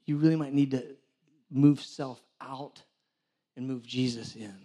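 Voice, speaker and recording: A man's voice: medium pitch, measured pace. A man preaching a sermon, telling stories with acted-out dialogue and joking with the congregation. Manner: animated storytelling, acts out dialogue, jokes with the congregation. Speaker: church director preaching.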